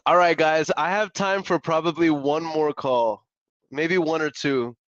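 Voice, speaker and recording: A young adult man hosting a live stream, talking in a slangy, excitable way and laughing often. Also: a little high, takes it slowly, no echo. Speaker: live-stream host making real estate calls. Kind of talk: casual live-stream chat. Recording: dull lo-fi dry sound.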